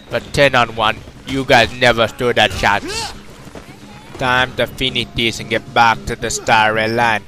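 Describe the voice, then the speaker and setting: A man's voice: medium pitch, bright, forceful tone. A man commentating a video game walkthrough in a playful tough-guy persona full of street slang. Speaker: gameplay commentator. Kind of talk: let's-play commentary. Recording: game music clearly behind voice. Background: game music.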